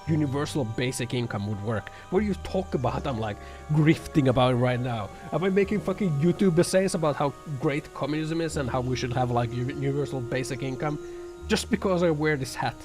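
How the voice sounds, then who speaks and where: A man livestreams and chats with his viewers, reacting to their comments in a sarcastic, profane, rambling way full of fillers. His mid-range voice is a little mellow. Music plays in the background, forming a bed under his voice.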